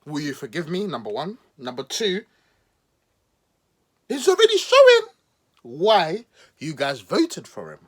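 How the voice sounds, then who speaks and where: A husky man delivers a mocking, sarcastic podcast monologue. His lively voice swings up and down as he teases and exaggerates. It sits a little high for a man. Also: normal speed. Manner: mocking, animated, playful voices for emphasis. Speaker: podcast host. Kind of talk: sarcastic political commentary monologue.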